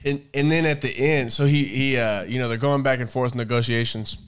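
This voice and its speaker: Man co-host, smooth clear voice, casual rambling storyteller who acts out the quotes. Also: mid-range voice, fairly even intonation, fairly quick. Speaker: podcast co-host. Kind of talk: casual chat retelling a story.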